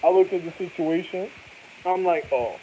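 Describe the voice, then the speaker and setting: A man's voice: on the high side, a little fast, dark tone, a little hiss or hum, rough recording. A man in a rambling, profane monologue that jumps from topic to topic.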